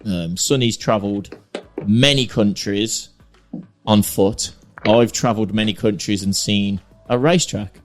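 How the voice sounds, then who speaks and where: A man's voice: fairly low pitch, measured pace. A man hosting a podcast, easygoing and teasing his co-host and guest in casual banter. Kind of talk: casual chat.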